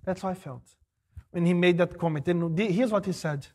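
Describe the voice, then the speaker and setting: A middle-aged male pastor preaching a sermon, animated, rising to emphatic exclamations. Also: sits high, fairly quick.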